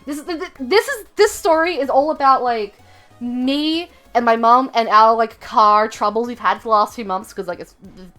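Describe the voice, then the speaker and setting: A young woman with a slightly raised pitch, chatting on a home livestream. She rambles through a long story, cutting herself off, restarting and laughing along the way. Soft music plays faintly behind her. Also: normal speed. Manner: rambling, self-interrupting storytelling with many fillers. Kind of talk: casual livestream chat.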